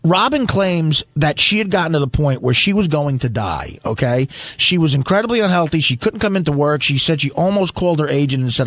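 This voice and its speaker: A man's voice: fairly high pitch, lively intonation, a little fast, fairly bright tone, no echo. A man in a heated radio studio chat, talking in an agitated, defensive way and swearing often. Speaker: radio show regular.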